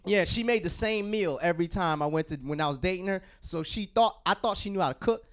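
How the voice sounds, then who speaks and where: A man's voice: sits high, brisk. A man doing a stand-up routine in a small studio, telling stories and acting out the voices of people in them. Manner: animated storytelling with acted-out voices. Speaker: stand-up comedian. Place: small comedy studio stage.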